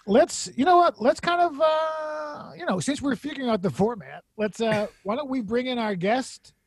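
A man's voice: extremely high pitch, expressive, moderate pace. A man hosting a comedy podcast over a video call, joking and rambling with frequent laughter. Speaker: podcast host.

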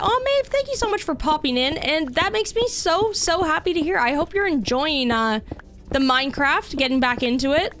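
A woman's voice: high voice, expressive, normal speed, fairly bright tone, a little hiss or hum. A young woman live-streaming a game, chatting casually with lots of "like" and reacting to what happens on screen. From Canada. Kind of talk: casual live-stream chat while gaming. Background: faint background music.

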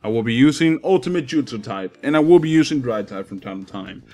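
A man's voice: mid-range voice, a little fast. A young man giving casual gameplay commentary, swearing and trash-talking as he plays. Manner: profane, trash-talking, excitable. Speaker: gaming commentator.

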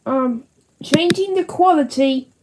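A woman hosting a casual toy reaction video, chatting excitedly and talking to her toys. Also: high-pitched, slow pace. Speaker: toy-play channel host. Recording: loud background hiss and clicks.

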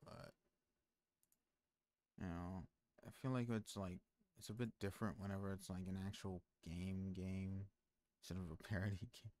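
A man's voice: low voice, fairly even intonation, moderate pace, long pauses, darkish tone, dry recording. A man streaming, chatting casually with his viewers in a rambling way full of fillers and restarts. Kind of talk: casual stream chat, reading chat aloud.

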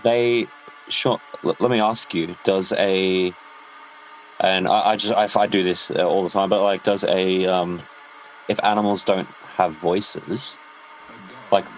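A man as a podcast guest, talking in halting bursts with many restarts, impassioned and swearing. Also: low-pitched, steady tone, a little hiss or hum, rough recording. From Australia. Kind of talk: casual podcast interview chat.

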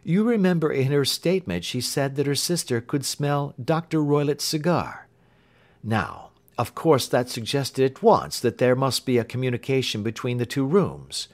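A man reading an audiobook who voices a keen, confident Victorian male detective, raising his voice and explaining briskly. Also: mid-range voice, voice pushed up. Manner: brisk, lively, lecturing.

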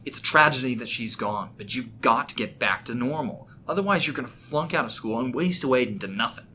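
A man's voice: medium pitch, lively intonation, fairly quick, sharp tone, a little hiss or hum. A man voicing a sarcastic, lecturing roommate. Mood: scolding. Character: blunt, fed-up male college roommate.

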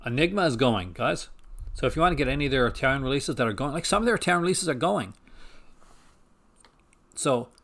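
A man's voice: medium pitch, a bit bright. Rambling casual man hosting a stream. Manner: rambling, self-correcting, enthusiastic. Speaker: host. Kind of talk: casual chat. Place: home.

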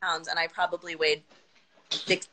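A woman guest chatting casually on a live video call, telling lively anecdotes and quoting other people's voices. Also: on the low side, normal speed, a little hiss or hum. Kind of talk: casual chat.

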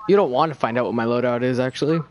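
A man's voice: mid-range voice, rapid-fire, a little hiss or hum. A man chatting casually while playing a multiplayer game with friends, teasing them and laughing often.

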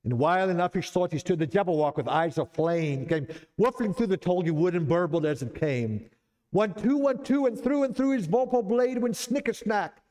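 A man reciting a nonsense poem in a put-on Scottish accent, theatrically, climbing high and loud at the climaxes. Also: lively intonation, normal speed. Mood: dramatic recitation. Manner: theatrical recitation, rising to near shouting at climaxes.

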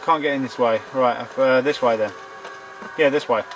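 A man giving gaming commentary, excitable and swearing jokingly at the game. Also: medium pitch, normal speed, a little hiss or hum, poor audio. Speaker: let's play gamer.

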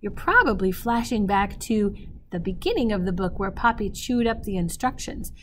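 A woman teacher reading a children's novel aloud expressively, pausing to speak directly to her listeners. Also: mid-range voice, a little hiss or hum. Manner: expressive, pauses to talk to listeners.

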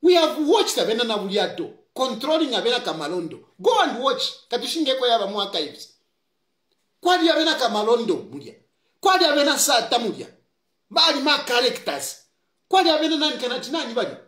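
Zambian man, heated commentary, scolds and hammers points home, sweeping pitch, roomy echo. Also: sing-song, fast, a bit bright. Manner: scolding, mixes English with Bemba, repeats points for emphasis. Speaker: political commentator. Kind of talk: impassioned political commentary.

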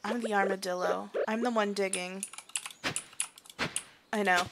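A woman's voice: medium pitch, fairly even intonation, measured pace, creaky, pauses often, background noise. A young woman casually commenting on her farming game as she plays, chatty and self-mocking, singing and muttering to herself. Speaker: gaming streamer. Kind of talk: casual let's-play commentary.

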